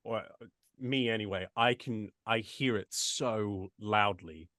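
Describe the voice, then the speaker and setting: A man's voice: lowish voice, slow pace, bright, forceful tone, no echo, studio quality. A man from the United States who speaks with an English accent, a voice actor chatting casually in an interview with many restarts and asides. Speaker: voice actor guest.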